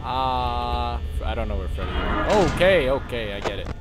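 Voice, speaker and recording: A young man doing casual gaming commentary, joking around and yelling and swearing in panic. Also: medium pitch, very animated, moderate pace. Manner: jokey, screams and swears in panic. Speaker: gaming youtuber. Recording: music playing behind.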